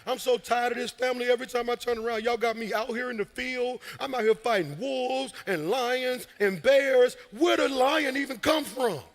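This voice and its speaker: A man's voice: extremely high pitch, normal speed, hardly any pauses, voice pushed up. A man voicing a fed-up young shepherd who complains in an exasperated, whiny way. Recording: reverberant live hall.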